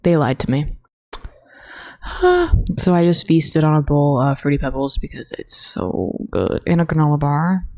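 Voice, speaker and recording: A young college woman rambles through a casual solo podcast she hosts, full of fillers and the occasional swear. Her low, mellow, warm voice is unhurried with big pitch swings. Recorded on her own mic in a dorm room, she sounds close and dry, with no echo.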